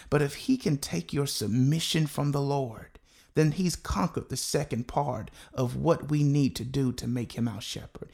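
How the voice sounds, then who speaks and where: A male pastor delivers a sermon in a gravelly voice of middling pitch. He is earnest and circles back to key phrases, saying them again for weight. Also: a little mellow.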